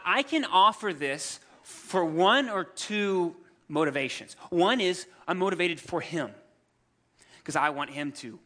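A man in his thirties preaching a sermon, telling scripture stories in a lively, humorous way and acting out the characters. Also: a little high. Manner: animated storytelling, acts out scripture characters with humor. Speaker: pastor.

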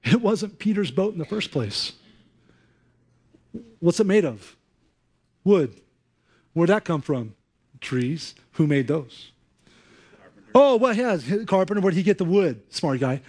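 A man preaching a sermon in an animated, conversational way, acting out voices. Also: high-pitched, unhurried, pauses often. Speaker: pastor.

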